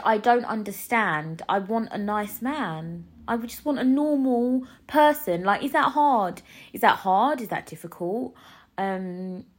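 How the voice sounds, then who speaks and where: Lively young woman ranting. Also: medium pitch. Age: 20s. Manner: animated, rambling, laughs often. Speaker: podcast host. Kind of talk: casual solo rant.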